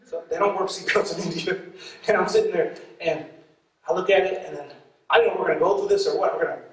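A man preaching a testimony to a congregation, animated and laughing as he acts out voices in his story. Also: sits high, quick pace. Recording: echoey and distant from mic, audience noise.

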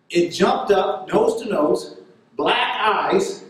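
A man preaching a sermon and telling a story in an animated way, laughing now and then. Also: sits high, a little slow, heavy reverb, recorded from a distance, low-quality recording.

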